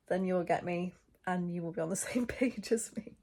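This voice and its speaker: A woman's voice: fairly low pitch, moderate pace. A young woman talks casually to camera while still in bed. Her voice is a bit stuffy from a recent head cold. She rambles in a friendly way, with plenty of fillers. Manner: chatty and rambling, many fillers. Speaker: vlogger. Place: in bed, indoors.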